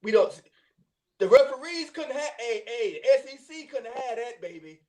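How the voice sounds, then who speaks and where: A man hosting a casual sports chat, slangy and quick to laugh. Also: extremely high pitch, lively intonation, crowd noise. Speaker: host.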